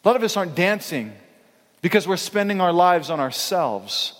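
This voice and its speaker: A man's voice: high voice, big pitch swings, normal speed, big-room sound. A man pastor preaching a sermon in a conversational, emphatic way, acting out quoted speakers.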